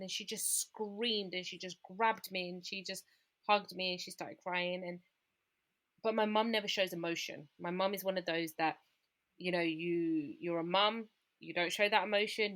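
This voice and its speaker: As a podcast guest, a woman candidly recounts a personal story, acting out the voices of her family along the way. Her voice is lowish and fairly bright, with fairly even intonation and a slightly fast pace.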